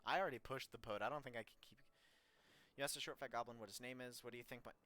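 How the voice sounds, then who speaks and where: Bright-voiced man streaming a text game. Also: medium pitch, very fast. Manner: playful, reads story text aloud, talks to himself. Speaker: streamer playing a text adventure. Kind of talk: reading game text aloud and reacting.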